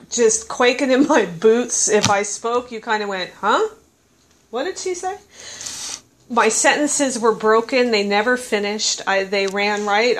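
A woman's voice: on the high side, slight background noise, rough recording. A woman sharing her personal story at a recovery meeting, candid and self-mocking, laughing often and restarting her sentences. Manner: halting, with many restarts and fillers. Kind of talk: personal testimony to a live audience. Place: meeting room with an audience.

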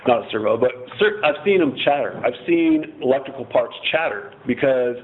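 A man's voice: medium pitch, normal speed. A man sharing his story at a recovery meeting, rambling, swearing freely and cracking self-mocking jokes. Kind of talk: casual personal share. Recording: tinny phone-like recording.

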